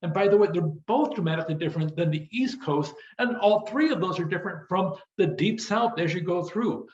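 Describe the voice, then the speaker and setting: Fast-talking American man lecturing. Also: high voice, darkish tone. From United States. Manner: fast-talking, repetitive "as you go through". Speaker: business instructor. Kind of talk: recorded online lecture. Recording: roomy, dull lo-fi audio.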